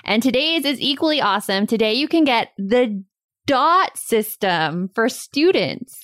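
Lively, chatty woman podcast co-host. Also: fairly high pitch, measured pace, no room sound. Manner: animated, chatty, laughs often. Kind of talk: casual podcast chat. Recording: dry close recording.

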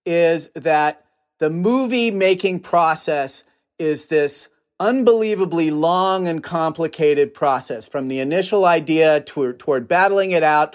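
A man who is a guest film director, explaining his point in conversation, joking and building long comparisons. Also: a little high.

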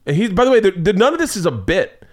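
A man in his forties hosting a podcast, telling a story in an animated way, acting out every character and swearing freely. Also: sits high, quick pace. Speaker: podcast host.

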